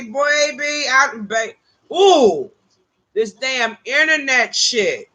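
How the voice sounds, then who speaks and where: A woman hosting a casual live stream from her porch, talking in an animated, exasperated, rambling way with lots of swearing. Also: high voice. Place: outdoors on a porch.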